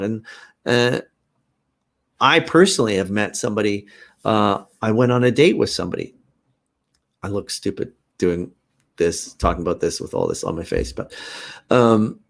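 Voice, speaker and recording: Hosting his own live stream, a Canadian man delivers a casual monologue in a slightly low voice with vocal fry. He speaks earnestly and haltingly, circling back as he thinks aloud, captured by a computer mic.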